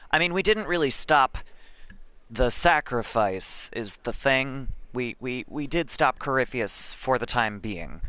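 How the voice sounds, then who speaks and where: A man's voice: lowish voice, pushed and bright, no echo. A man chatting casually as he plays a video game on stream, talkative and swearing freely. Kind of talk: casual gameplay commentary.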